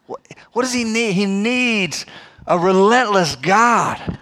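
A man's voice: high voice, animated, unhurried, bright, forceful tone. A man in his forties, a pastor preaching a sermon in a conversational, emphatic way, acting out quotes as he goes.

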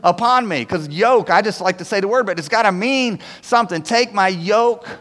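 Pastor, male, high-pitched, animated casual preaching style, church hall with long echo. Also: brisk. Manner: conversational, animated, frequent "right?" asides. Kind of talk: sermon. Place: church sanctuary.

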